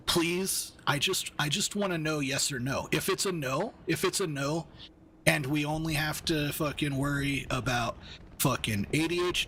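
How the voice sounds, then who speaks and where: A man's voice: a little high, gravelly, sharp tone, slight background noise. Heated, swearing man ranting. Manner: heated, profane, rambling. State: angry, steamed up. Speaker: gaming streamer. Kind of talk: casual ranting chat while gaming.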